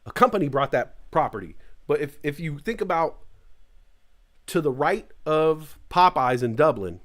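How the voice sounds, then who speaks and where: A middle-aged man from California's East Bay chats loosely on a live morning stream, rambling from one tangent to the next. His pitch sits a little high and swings widely as he jokes. Loose and conversational throughout. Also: animated, normal speed, fairly bright tone. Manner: rambling, joking, puts on tough slang voices. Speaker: morning show host. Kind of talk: casual live-stream chat.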